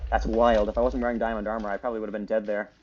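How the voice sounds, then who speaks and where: Low-voiced man rambling through gameplay. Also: flat delivery, racing, darkish tone, dull audio. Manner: chatty, rambling play-by-play with many fillers. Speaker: gaming video creator. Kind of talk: casual gameplay commentary.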